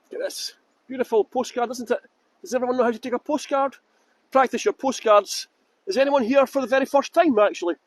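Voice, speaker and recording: A Scottish man with a high voice leads a live walking tour outdoors beside a fountain. He chats casually with his audience and likes to make flippant jokes. His voice sounds dry and close to the mic. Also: a little fast, no room sound. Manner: chatty, flippant joking. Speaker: tour guide. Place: outdoors by a fountain in a windy city square.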